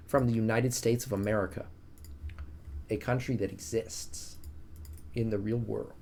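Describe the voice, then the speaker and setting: A young man with a lowish, darkish voice casually comments on his strategy game live stream, speaking unhurriedly. He's chatty and jokey, talking and joking with his chat.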